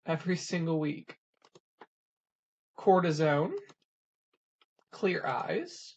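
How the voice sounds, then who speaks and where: Couponing vlogger with a gravelly, husky voice, running down a deal list item by item; dull lo-fi home recording. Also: mid-range voice, darkish tone. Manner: reads items off in a quick plain list. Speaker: couponing channel host. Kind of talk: casual coupon rundown.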